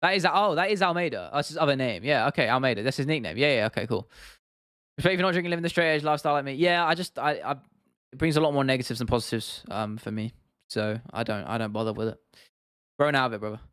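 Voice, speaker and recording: A fast-talking livestream host with a clear, resonant, mid-range voice chats casually, answering viewer questions and laughing. The recording is clean studio sound with no room tone.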